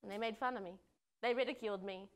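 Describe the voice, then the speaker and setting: A woman performing a live improv comedy scene on a theater stage, talking in an earnest, deadpan way. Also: medium pitch, fast talker. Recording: noisy live stage recording. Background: audience laughter.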